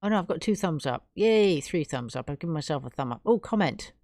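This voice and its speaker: A woman's voice: low voice, expressive, fairly quick, dark tone, no echo, studio quality. Chatty, effusive English woman live-streamer. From England. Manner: chatty and effusive, gushing thanks to viewers. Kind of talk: casual live stream chat.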